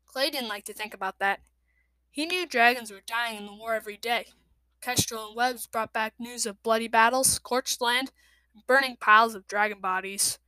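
A woman reading a children's novel aloud with lively, expressive narration. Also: a little high, moderate pace, no echo. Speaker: reader.

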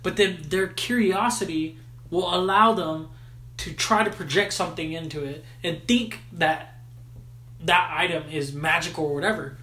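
A man's voice: fairly high pitch, steady tone, normal speed, bright, forceful tone, echoey room. A man hosting a podcast, casually recapping a film in slangy, swearing chat. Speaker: podcast host.

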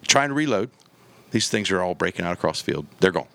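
A man with a deep, low voice tells a story in easy, casual podcast chat. He acts out the people he quotes and booms out the gunshots himself. The sound is dry and close. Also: very animated, fast, a bit bright, no echo. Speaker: podcast guest telling a hunting story.

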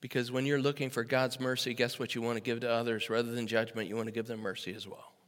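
A man in his sixties preaching a sermon as pastor, moving from easy storytelling to loud, emphatic preaching. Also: mid-range voice, level tone, fast. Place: church sanctuary. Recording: echoey hall with long reverb.

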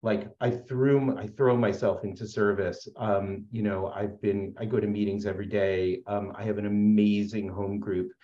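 A man with a lowish voice shares his story at a support meeting, talking in an earnest, rambling way full of fillers and restarts. The sound is dull and lo-fi, and it echoes in a roomy space. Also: flat delivery, normal speed, few pauses, mellow. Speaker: speaker sharing at a recovery meeting.

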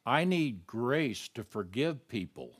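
A man's voice: medium pitch, sing-song, takes it slowly, husky. A man preaching a sermon as pastor, emphatic and reading scripture aloud.

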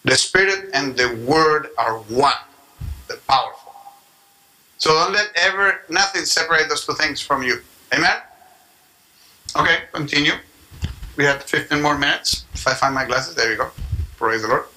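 A man's voice: a little high, normal speed, pauses often, low-quality recording. A man preaching a sermon, acting out prayers and mimicking people as he teaches. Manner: animated preaching with acted-out prayer voices and tongues. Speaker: pastor.

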